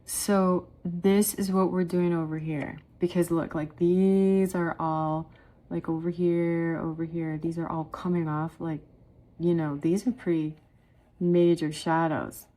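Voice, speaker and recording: A middle-aged woman with a low-pitched voice talks her viewers through a watercolor painting step by step. She is chatty and encouraging, calling the audience "guys" as she works. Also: flat delivery, unhurried, mellow. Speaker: watercolor art teacher.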